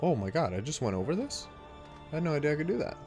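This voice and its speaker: A man's voice: a little high, very animated, fast, music in the background. A young adult man streaming a game, chatting casually and reacting aloud to what happens on screen. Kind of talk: casual live-stream chat while gaming.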